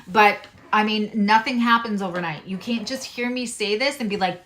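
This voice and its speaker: Against slight background noise, a woman with a mid-range, fairly bright voice at normal speed gives a casual tarot and astrology reading. She's from Long Island but her accent is now neutral American; emphatic, she repeats key phrases and makes chatty asides.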